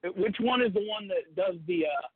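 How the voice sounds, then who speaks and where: A man's voice: sits high, animated, fairly quick, phone-quality sound, a loud crowd. A man calling into a podcast, chatting in a rambling, easygoing way. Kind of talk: casual chat.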